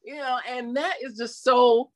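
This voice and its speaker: A woman being interviewed in a casual chat, telling her story animatedly and acting out quotes in lively voices. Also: high-pitched, measured pace, crowd noise. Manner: chatty, with frequent "you know" fillers. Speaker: interview guest.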